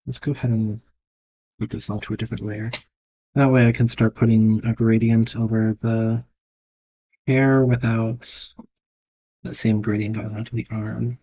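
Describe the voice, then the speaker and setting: A man's voice: fairly low pitch, little pitch movement, normal speed, pauses often, dark tone, breathy edge, dull audio. A man thinking aloud and judging his own work as he draws, in casual narration. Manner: muttered, self-critical thinking aloud. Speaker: digital artist. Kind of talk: casual narration while drawing.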